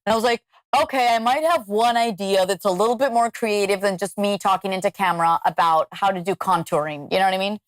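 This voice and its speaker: Woman, podcast guest, casual chat, animated storytelling, mid pitch, dry room. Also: no room sound. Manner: animated storytelling, quick asides.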